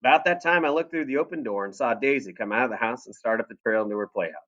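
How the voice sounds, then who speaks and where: A man's voice: mid-range voice, fast talker, dull audio. A man reading a first-person novel aloud to a class in a classroom, telling the story expressively. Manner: expressive storytelling with lively voices.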